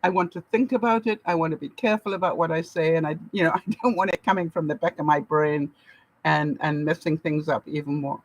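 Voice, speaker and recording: A woman's voice: low voice, fairly even intonation, fairly quick, poor audio. A woman from Canada giving casual advice to her viewers, laughing often and acting out the lines she quotes. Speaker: vlogger. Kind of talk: casual advice talk to camera.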